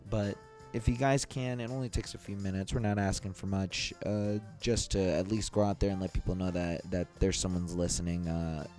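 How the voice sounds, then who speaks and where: A man's voice: deep voice, steady tone, moderate pace, a little mellow, soft background music. A man hosting a casual podcast clip show, talking in a loose, rambling way. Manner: loose, rambling, pleading asides. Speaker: podcast host.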